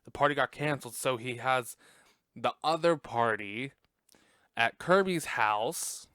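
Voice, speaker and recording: A man's voice: mid-range voice, unhurried, bright, forceful tone, no echo. A man hosting a podcast, recapping a movie in casual chat, swearing and laughing often, in a room at home on a close desk mic. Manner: chatty, profane, laughs often. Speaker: podcast host.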